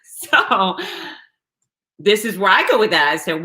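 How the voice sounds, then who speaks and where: A woman hosting her own show, telling a story in a blunt, salty, animated way. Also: low-pitched, a little slow. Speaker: host. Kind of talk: casual storytelling monologue.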